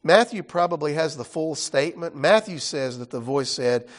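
A man's voice: a little high, expressive, moderate pace. Man teaching a conversational Bible class. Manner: explains casually, often checks in with "right?".

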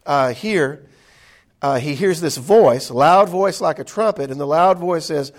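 A man's voice: a little high, animated, normal speed. A man teaching a Bible study class in an indoor room, talking conversationally with many fillers and restarts.

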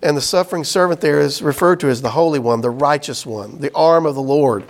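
A man teaching a Bible class, chatting casually and reading scripture aloud slowly. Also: fairly high pitch. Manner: conversational, explains with "right?" and "y'all", reads scripture aloud slowly.

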